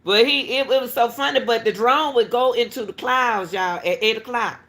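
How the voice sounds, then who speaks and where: Gravelly-voiced woman chatting to viewers. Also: a little high, moderate pace. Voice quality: talks straight to viewers with repeated "y'all", animated and laughing. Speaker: school crossing guard. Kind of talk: casual storytelling to viewers.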